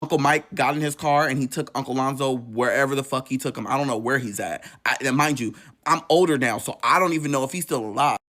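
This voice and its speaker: Male vlogger, personal storytime, emotional, swears often, animated. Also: mid-range voice, fast talker.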